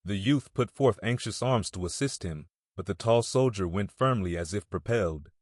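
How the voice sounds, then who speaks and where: A man reading a classic novel aloud as an audiobook narrator, in a measured, steady way. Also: fairly low pitch, no echo, studio quality.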